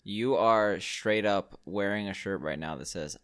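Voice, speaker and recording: A man co-hosting a podcast, joking and quick to laugh in casual banter over a call. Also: fairly low pitch, a bit bright. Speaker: podcast co-host. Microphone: remote call.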